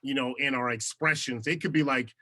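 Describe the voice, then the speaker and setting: Bright-voiced animated man telling stories. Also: medium pitch, brisk. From United States. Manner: animated, laughs often. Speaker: podcast guest, TV host. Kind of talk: casual interview storytelling.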